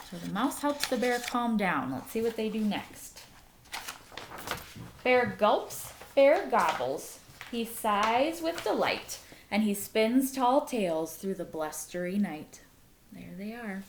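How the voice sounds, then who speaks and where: Slow, expressive woman reading aloud. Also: fairly high pitch, slight background noise. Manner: slow, expressive storytelling with comments to listeners. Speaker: teacher. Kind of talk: reading a picture book aloud.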